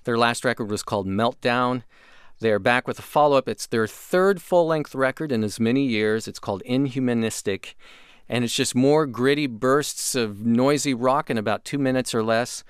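A man's voice: medium pitch, moderate pace, clear, resonant tone, no echo, clean studio sound. A man co-hosting a music radio show, introducing songs with enthusiasm and joking with his partner. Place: radio studio.

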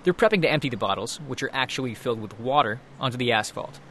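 A man reporting a scripted radio news piece in a measured, even delivery. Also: mid-range voice, a little hiss or hum.

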